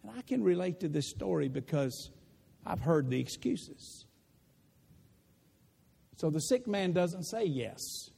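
A man preaching a sermon in a church, animated and rising to shouts. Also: fairly high pitch, slow pace, creaky, pauses often, slightly rough. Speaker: pastor. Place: church sanctuary. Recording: long reverb of a large room.

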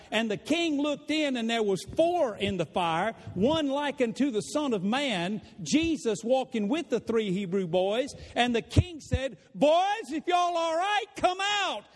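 A man preaching a sermon in a church, animated and rising to shouts. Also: very high voice. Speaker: pastor. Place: church sanctuary. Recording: long reverb of a large room.

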